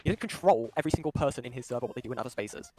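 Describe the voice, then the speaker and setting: A man mediating a dispute on a voice call, lecturing calmly and explaining at length. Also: mid-range voice, rapid-fire, faint music behind. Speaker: call moderator.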